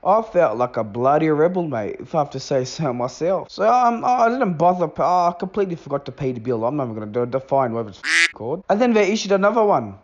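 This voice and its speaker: A man's voice: a little high, big pitch swings, fast talker, darkish tone. A man telling a rambling comic story about himself, swearing casually and repeating words as he goes. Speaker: animated storytime narrator. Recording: dull lo-fi recording.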